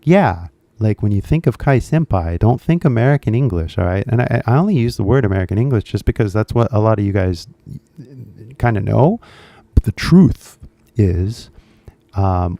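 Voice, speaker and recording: A man's voice: on the low side, lively intonation, unhurried, creaky, dark tone, dry recording, dull audio. A man with a Californian accent chatting casually on a live stream, rambling and scattering "like" and "you know" all through his talk. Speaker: English-teaching YouTuber on a live stream.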